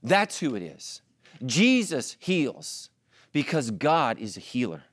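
A middle-aged man preaching a sermon with animated delivery and joking asides to the congregation. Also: medium pitch, slow, dry recording, studio quality. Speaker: pastor.

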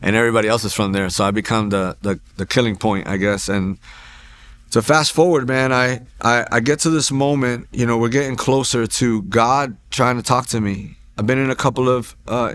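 A man in his forties with a slightly low voice tells his faith testimony. He speaks in an earnest, rambling way, restarting sentences and adding asides. He is recorded in a church. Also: a little hiss or hum. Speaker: guest sharing a testimony. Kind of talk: personal faith testimony storytelling.

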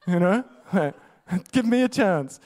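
A man's voice: sits high, lively intonation, slow pace, a little mellow. A man putting on the voice of a weary, exasperated Jesus who grumbles sarcastically about his followers.

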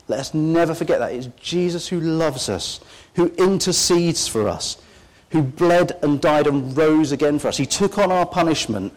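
A man's voice: fairly high pitch, moderate pace, a little mellow, poor audio. A man preaching a sermon in an earnest, heartfelt way.

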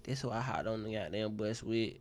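A man's voice: lowish voice, fairly quick. A man co-hosting a podcast in casual chat, talking in a playful, slangy way. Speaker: podcast co-host.

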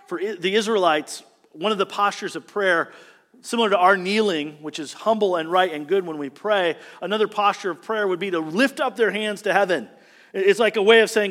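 A high-pitched male pastor delivers an earnest, expressive sermon. He reads scripture with feeling. His voice rings out in a church sanctuary with a long, lingering reverb. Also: normal speed. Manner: earnest, expressive preaching with dramatic scripture reading.

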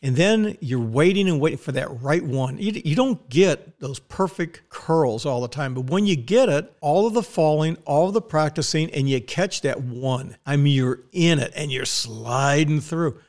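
Male podcast host, blunt and profane, weary, slightly raised pitch, studio mic. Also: expressive, normal speed, hardly any pauses, darkish tone. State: tired. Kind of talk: casual monologue. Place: recording studio.

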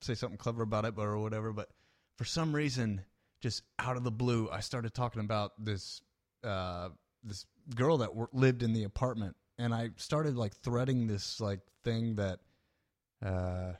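A man's voice: lowish voice, normal speed. A man co-hosting a podcast, telling a rambling, self-deprecating story in casual chat. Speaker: podcast co-host.

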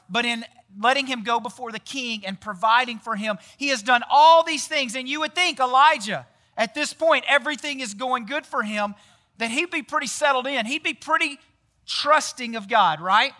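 Guy giving a laid back sermon, super high pitched, keeps asking the crowd questions and saying right?. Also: sharp tone. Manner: quizzes the audience with questions; chatty, often tags lines with "right?". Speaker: pastor. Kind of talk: casual sermon.

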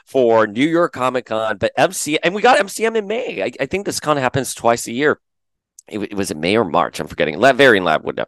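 A man hosting a fan podcast, chatting casually to viewers in an animated way and often restarting his words. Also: fairly low pitch, no room sound. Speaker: podcast host. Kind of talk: casual chat to camera.

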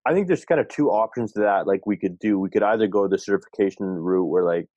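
A man's voice: fairly low pitch, fast, darkish tone, dry recording, muffled recording. A man on a team talking through ideas in a meeting, hesitant and full of restarts. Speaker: team member. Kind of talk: casual meeting discussion.

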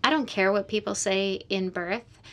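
A woman's voice: medium pitch, normal speed, lo-fi sound. A woman hosting a casual podcast chat about birth, affirming her guest with frequent agreement. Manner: warm affirming, many agreeing fillers. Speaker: podcast host, birth worker.

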